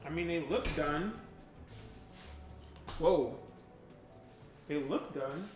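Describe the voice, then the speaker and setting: A vlogger from Pleasantville, New Jersey, chats casually on a live stream while baking at home, rambling and breaking into snippets of song. His voice is fairly high-pitched and extremely slow. Faint music plays behind him in a roomy echo.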